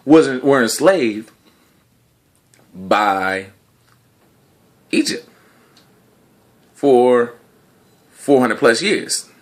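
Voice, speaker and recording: A man delivering a casual, argumentative monologue to the camera in slangy speech, full of rhetorical questions, dropping low and quiet, then rising loud and high. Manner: laughs between points. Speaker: video blogger.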